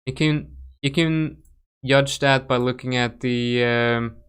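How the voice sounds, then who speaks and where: A man's voice: medium pitch, steady tone, slow, fairly bright tone, clean tone. A young Swedish man with a Swedish accent hosting a casual crypto trading livestream, chatting loosely with viewers and often restarting his sentences. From Sweden. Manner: chatty, reacts to chat, frequent fillers and restarts. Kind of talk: casual live chart analysis.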